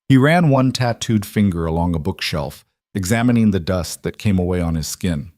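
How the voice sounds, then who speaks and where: Man, dramatic scripted narration, deep voice, dry recording. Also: expressive, moderate pace, hardly any pauses, a little mellow, no echo. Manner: dramatic, suspenseful storytelling.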